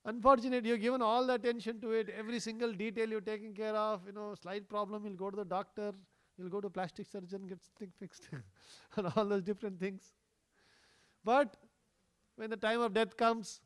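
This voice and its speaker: A man in a fairly high register tells a parable as part of a temple sermon. He talks casually, leaning on "you know," chuckling, and quizzing his listeners. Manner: conversational, many "you know" fillers, chuckles, quizzes the audience. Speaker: speaker at a temple. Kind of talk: storytelling sermon.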